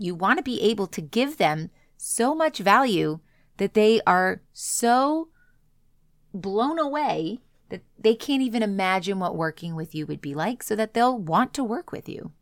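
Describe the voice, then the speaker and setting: A woman coach speaks earnestly to her audience, pressing her points with emphasis. Her voice has a gravelly fry at the edges. The recording is dry and close, with no room sound. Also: medium pitch, animated, measured pace, no echo. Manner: earnest, emphatic, acts out quoted reactions. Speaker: business coach. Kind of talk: motivational solo talk.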